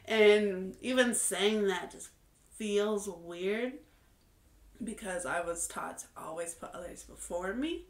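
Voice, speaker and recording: A woman's voice: mid-range voice, slow pace, long pauses. Earnest young woman in a roomy space. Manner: candid and earnest, many fillers like "like" and "um". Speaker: vlogger. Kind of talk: casual reflective monologue. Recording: roomy echo.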